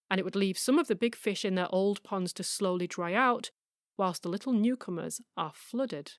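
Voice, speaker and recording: A middle-aged woman narrates her podcast from a script, her voice sitting at an ordinary middle pitch. She sounds measured and argumentative, with a wry edge. The recording is dry, with no room sound. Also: no room sound. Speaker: podcast host.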